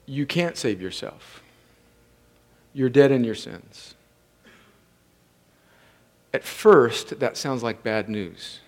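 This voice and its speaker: A man preaching a sermon as pastor, intense, rising from conversational talk to impassioned, shouted pleading. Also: medium pitch, animated, drawn-out words, long pauses.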